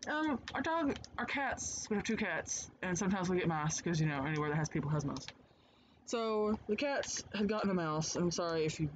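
Rambly guy doing game commentary at home, bit high voice, dull noisy mic, swears a lot. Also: animated, brisk. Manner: rambling, chatty, swears freely. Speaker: let's play host. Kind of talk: casual gameplay commentary. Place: home, indoors. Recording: dull lo-fi mic with clear noise.

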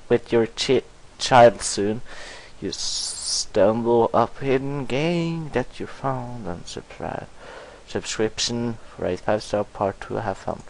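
Young male let's player, goofy and excitable; pitch leaps all over, unhurried talk. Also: rough recording. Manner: goofy and excitable, breaks into silly singing and swearing. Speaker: gameplay commentator. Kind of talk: casual let's play commentary.

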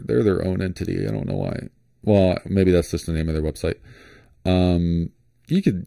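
Man, low voice, mellow, rambling casual commentary, dry close sound. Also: creaky, dry recording. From Florida. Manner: rambling, relaxed, thinks aloud with many fillers and restarts. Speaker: flashlight vlogger. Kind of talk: casual screen-share commentary.

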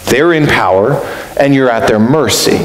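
An earnest man preaching, his voice ringing in a roomy church space with a faint hiss underneath. He talks in a middle register, reflective, and climbs sharply in pitch to stress a point. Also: moderate pace. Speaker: pastor. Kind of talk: sermon. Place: church sanctuary.

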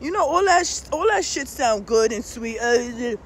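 A woman with a fairly high, lively voice talks at a moderate pace, her tone slightly rough. She's a tarot reader and spiritual vlogger rambling through a casual monologue, blunt and profane, with swear-word fillers, frequent laughs and asides.

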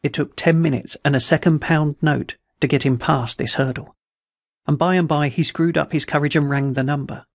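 A man hosting a podcast, reading adventure and dark stories aloud in a measured, steady way. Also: on the high side, creaky, no room sound, studio quality. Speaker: podcast story reader.

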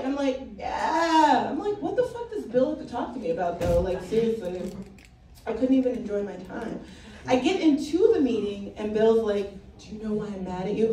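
Brisk and a little high-voiced, this comic from Brooklyn, New York tells animated, blunt stories full of profanity on a comedy club stage. The recording is echoey, with the mic heard from afar and the crowd laughing.

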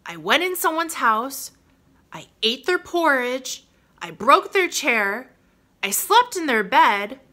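Storybook girl reflecting on her mistake, bright lively voice, read by a woman. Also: high voice, slow pace, full character voice. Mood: remorseful. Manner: reflective, self-questioning. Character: remorseful little girl thinking aloud.

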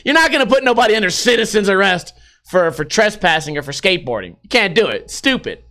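A man delivering a casual vlog monologue, animated and full of swearing. His voice is high-pitched and bright. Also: quick pace. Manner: profane, animated storytelling with laughs. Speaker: vlogger.

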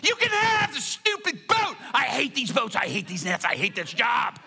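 A man's voice: extremely high pitch, wildly swooping pitch, rapid-fire, gravelly, faint music behind, voice pushed up, heavily acted. A man acting out a frustrated, exasperated fisherman during a comic sermon. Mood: fed-up shouting. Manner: ranting, exasperated and loud. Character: frustrated shouting fisherman Peter, grown man.

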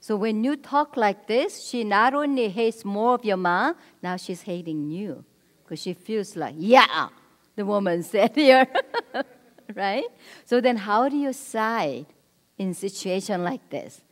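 A woman leading a marriage seminar at a church, speaking directly and prompting the audience with quick cues. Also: medium pitch, animated. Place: church hall. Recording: long hall reverb.

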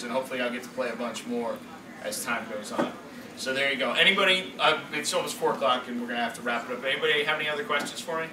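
A man who directs and performs voices, telling stories at a convention panel in a rambling, animated way. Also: mid-range voice. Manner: animated, rambling storytelling with frequent fillers. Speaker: voice director and voice actor. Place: convention hall. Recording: echoey hall from far off, noisy.

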